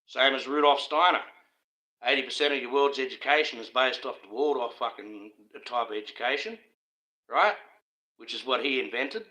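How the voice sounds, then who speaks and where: A man's voice: medium pitch, expressive, normal speed, bright, forceful tone, poor audio. An Australian man holds forth on a live stream, swearing freely and spinning conspiratorial tangents. His voice is tense and cutting, and he laughs at his own points. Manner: profane, conspiratorial, laughs often. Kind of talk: casual ranting monologue.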